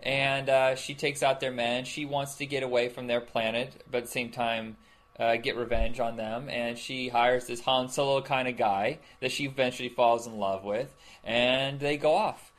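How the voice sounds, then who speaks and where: A man's voice: medium pitch, level tone, normal speed, fairly bright tone. A man co-hosting a casual movie review chat, easygoing and hedging his opinions. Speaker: podcast co-host.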